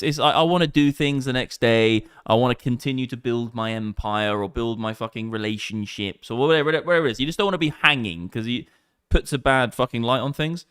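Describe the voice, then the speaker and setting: English bloke in his 30s ranting on stream, lots of swearing, smooth voice, dry close mic. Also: medium pitch, no room sound. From England. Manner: rambling, swears often, excitable. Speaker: crypto streamer. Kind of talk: casual livestream chat.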